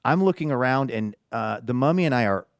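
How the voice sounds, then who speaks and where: A man's voice: mid-range voice, lively intonation, a little fast, creaky, dry recording. Rambling man telling a story, dry mic. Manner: rambling storyteller, self-amused. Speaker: podcast co-host. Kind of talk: casual chat.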